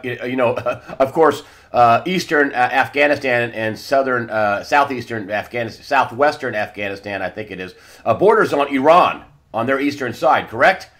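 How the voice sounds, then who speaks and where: Halting male interview host. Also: medium pitch, bright, forceful tone. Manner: halting, many fillers and restarts, asks for confirmation.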